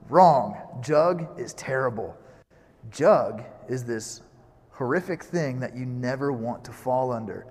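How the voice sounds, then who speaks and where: A pastor in his thirties giving a casual sermon, telling stories in a relaxed, joking way with lots of asides. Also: mid-range voice, slow. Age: 30s. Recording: long reverb of a large hall.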